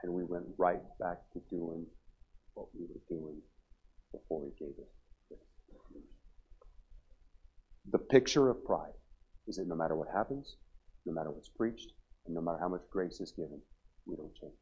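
A man in his forties, a pastor preaching a revival sermon, joking and telling stories, then pressing his point loudly. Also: sits low, moderate pace, pauses often, husky, lo-fi sound. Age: 40s. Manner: humorous storytelling, rising to loud emphatic preaching. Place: church sanctuary.

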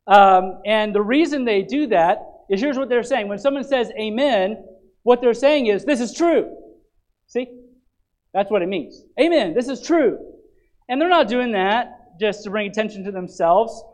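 Pastor, male, high-pitched voice, animated emphatic sermon delivery, restarts often. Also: normal speed, poor audio. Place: church.

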